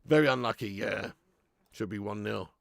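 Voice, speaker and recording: A man hosting a live football watch-along, excitable and sweary, breaking into shouts at the action. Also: lowish voice, moderate pace, gravelly, no echo, studio quality. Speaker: fan channel host.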